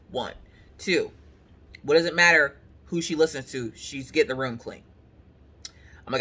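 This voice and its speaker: A woman, chatting casually to the camera and telling stories with lively quoted voices. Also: low voice, normal speed, pauses often, breathy edge. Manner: animated storytelling with voiced quotes. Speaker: craft vlogger. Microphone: camera on the couch.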